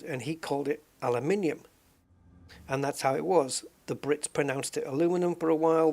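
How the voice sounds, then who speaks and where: A man's voice: medium pitch, gravelly, darkish tone. An English man, a game streamer, chatting casually and rambling while he plays, laughing often at his own remarks. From England. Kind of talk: casual chat while gaming.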